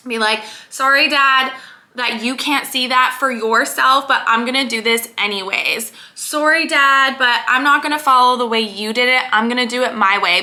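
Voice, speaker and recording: Woman, mindset coach, bright tone, emphatic, motivational talk. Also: high voice. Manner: earnest, emphatic, repeats key words.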